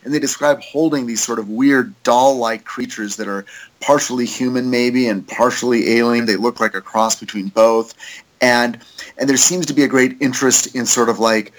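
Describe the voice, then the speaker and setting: A man talking in a casual podcast chat. His voice sits at a middle pitch. He rambles and is animated, and he uses many fillers. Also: normal speed, rough recording.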